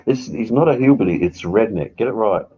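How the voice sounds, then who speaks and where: A deep-voiced man with a husky edge, heard through a dull, lo-fi voice chat. He ribs his friend in a laid-back way and laughs easily. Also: animated, fairly quick, warm tone. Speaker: gamer chatting with a friend. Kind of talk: casual banter over voice chat.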